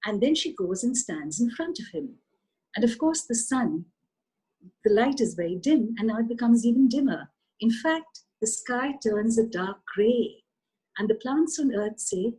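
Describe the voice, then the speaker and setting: Expressive husky woman telling a children's story. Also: on the high side, measured pace, low-quality recording. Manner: expressive, lively, addresses listeners directly. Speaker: author and storyteller.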